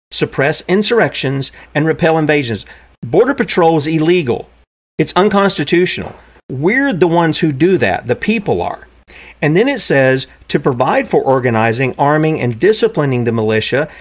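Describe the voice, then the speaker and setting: A man hosting an interview show, lecturing in an emphatic way. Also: fairly high pitch. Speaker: podcast host. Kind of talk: interview conversation.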